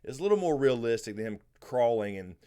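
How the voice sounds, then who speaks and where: A man's voice: medium pitch, fast talker, clear, resonant tone. A man with a Southern American accent hosting a live question-and-answer stream, chatting loosely and greeting viewers by name. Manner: relaxed, rambling, answers chat by name. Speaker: livestream host. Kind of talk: casual live Q&A chat.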